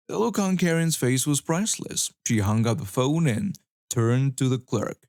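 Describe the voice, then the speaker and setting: A man reading online stories aloud as scripted narration, with an even storytelling delivery. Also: mid-range voice, moderate pace, no echo, clean studio sound.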